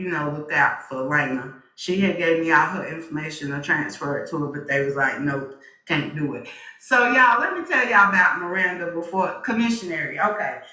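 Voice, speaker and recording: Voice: mid-range voice, bright, forceful tone, reverberant, poor audio. A speaker in a played livestream clip, talking loosely and rambling to viewers. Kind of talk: casual livestream talk.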